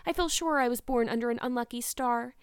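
A woman voicing an imaginative teenage girl, earnest and emphatic, sometimes quick and cold. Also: on the high side, clean tone, dry recording, clean studio sound, voice pushed up, natural voice. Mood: spirited.

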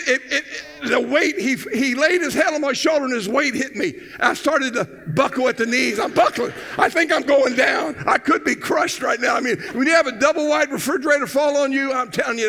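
A older man preaching a sermon, telling stories with energy that swings from loud to hushed. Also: very high voice. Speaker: pastor. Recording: long hall reverb.

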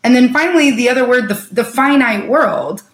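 A woman's voice: on the high side, lively intonation, moderate pace, roomy sound. A woman podcast host asking long, earnest, enthusiastic questions. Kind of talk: interview questions.

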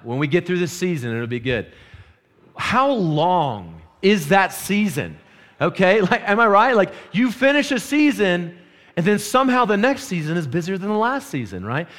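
A man preaching a casual sermon, telling a story and asking the congregation questions. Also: fairly high pitch. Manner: animated, storytelling, asks the crowd questions; quiet and hushed in prayer. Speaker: pastor.

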